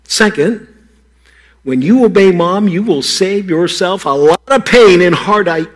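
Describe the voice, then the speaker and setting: A man delivers a children's sermon with a playful, teasing manner and talks straight to the young listeners. His voice is husky and slightly breathy. It sits a little higher than most men's. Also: expressive, normal speed. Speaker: pastor giving a children's message.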